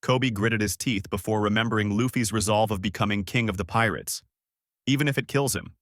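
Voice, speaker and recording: A man narrating a fan fiction story with lively storytelling. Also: lowish voice, fairly quick, dry recording, clean studio sound.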